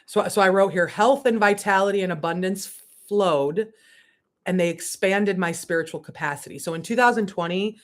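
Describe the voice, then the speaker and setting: Speaking in a lowish voice, a woman who works as a spiritual coach holds forth in an unfiltered livestream monologue. Laughter and swearing punctuate it, and she veers between soft asides and emphatic bursts.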